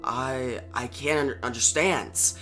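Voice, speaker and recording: A man reading out the lines of a grieving masked hero in a low, hushed voice. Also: fairly even intonation, slow, soft background music. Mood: sorrowful, hushed. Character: grim male caped hero, grieving and quiet.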